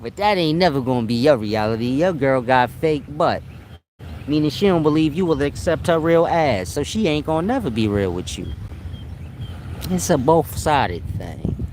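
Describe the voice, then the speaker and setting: A man's voice: fairly high pitch, animated, moderate pace, a little mellow, a little hiss or hum. A man giving profane, streetwise relationship advice in a casual monologue, breaking into laughter often. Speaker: advice vlogger.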